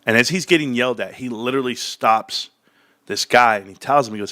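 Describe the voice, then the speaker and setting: A man hosting casual commentary, talking energetically and acting out sales pitches in quoted voices. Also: fairly quick, pushed and bright, dry recording, clean studio sound. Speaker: stock commentary host.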